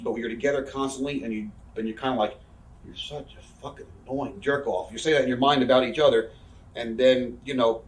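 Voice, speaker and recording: A pro wrestler in his 30s, an interview guest, tells candid, casual stories as a fast-talking, cursing, rambling speaker full of fillers. His voice is medium-pitched, a bit off-mic and distant, with roomy echo.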